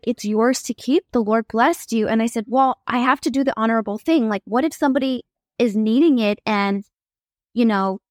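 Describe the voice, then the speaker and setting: Animated woman telling a faith story. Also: fairly high pitch, dry recording, studio quality. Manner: animated, acts out quoted voices. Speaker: guest. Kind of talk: personal testimony storytelling.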